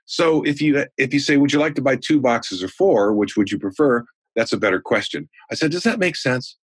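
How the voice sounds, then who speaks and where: A man's voice: medium pitch, brisk, slightly rough, dry recording. A man in his sixties, a sales trainer and guest, telling folksy anecdotes in a conversational way. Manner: folksy anecdotal teller, animated in stories. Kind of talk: conversational storytelling.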